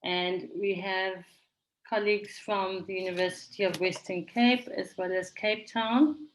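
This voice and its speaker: Measured woman facilitating an online conference. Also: mid-range voice, steady tone, a little hiss or hum, poor audio. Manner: measured, orderly, reads names from the chat. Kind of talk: moderating an online conference session. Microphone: video call.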